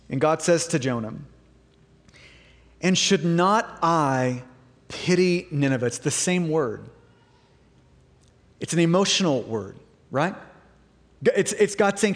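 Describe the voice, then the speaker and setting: High-voiced preacher in a reverberant hall. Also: male voice. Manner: animated, acts out quoted voices. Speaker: pastor. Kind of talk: sermon. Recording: long reverb of a large hall.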